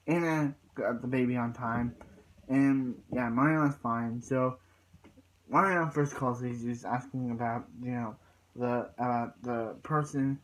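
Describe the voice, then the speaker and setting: A man's voice: medium pitch, steady tone, measured pace, a bit bright, poor audio. A man recapping a TV episode in a loose, rambling way, stumbling over restarts and repeating "so yeah" between points. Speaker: TV episode reviewer.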